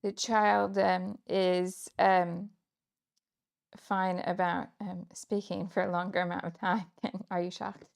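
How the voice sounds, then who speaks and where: Speaking slowly in a lowish, gravelly voice with flat delivery, this woman from Kansas runs a scrapbooking livestream. She keeps up easygoing chatter while she works, thinking out loud and laughing a lot.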